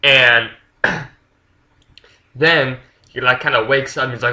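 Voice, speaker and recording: A man's voice: mid-range voice, fairly even intonation, takes it slowly, long pauses, pushed and bright, rough recording. A man casually retelling a story's plot for a book review, rambling with lots of fillers and swearing freely.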